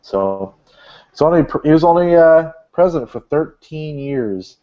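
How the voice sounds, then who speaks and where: A man's voice: on the high side, lively intonation, normal speed. Male podcast host, casual rambling news chat, muffled lo-fi sound. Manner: rambling, joking, many fillers. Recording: dull lo-fi podcast audio.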